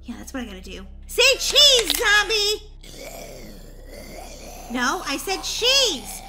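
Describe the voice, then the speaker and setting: A woman's voice: high voice, wildly swooping pitch, moderate pace, over loud music, voice pushed down, exaggerated voice. Woman voicing a stammering, jumpy schoolgirl. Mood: panicky. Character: excitable schoolgirl, dramatic and goofy. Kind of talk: roleplay voiceover for a game video.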